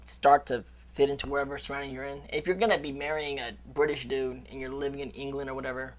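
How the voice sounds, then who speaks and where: Opinionated actor chatting casually. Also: male voice, mid-range voice, level tone, quick pace. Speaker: actor guest. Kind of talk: casual chat.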